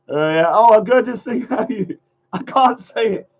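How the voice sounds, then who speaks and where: Guy rambling on a livestream, high voice, laughs a lot, trails off. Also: expressive, a little slow, a little mellow. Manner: rambling, laughs often, trails off mid-sentence. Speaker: livestream host. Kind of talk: casual livestream chat. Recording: dull lo-fi stream audio.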